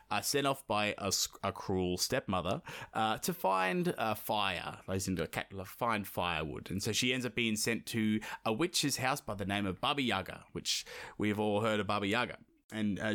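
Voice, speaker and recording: A man's voice: fairly low pitch, fairly bright tone. A man co-hosting a podcast, retelling a folktale in a casual, joking way with swearing and fillers. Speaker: podcast co-host. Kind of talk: casual storytelling chat.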